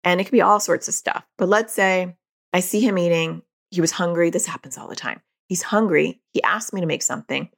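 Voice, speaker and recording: A woman's voice: fairly low pitch, a little fast, gravelly. A woman hosting a podcast, explaining in a casual conversational way and acting out dialogue in quoted voices. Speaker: podcast host; parent.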